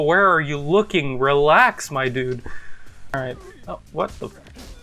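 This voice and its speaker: Young guy yelling and cussing over his gameplay, high voice, kinda drawn out and slow, excited. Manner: excitable, swears a lot, loud outbursts and laughs. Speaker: gameplay commentator. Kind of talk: let's play commentary.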